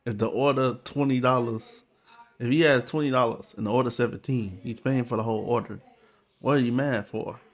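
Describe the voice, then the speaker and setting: A man's voice: medium pitch, fairly even intonation, brisk. Man hosting a casual reaction vlog. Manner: blunt, talks back to the clip. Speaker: reaction video host.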